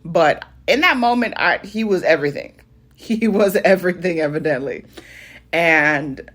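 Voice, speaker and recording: A woman's voice: on the low side, unhurried, a bit bright. A young adult woman casually telling a funny personal story to her viewers, laughing often and calling them y'all. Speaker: vlogger.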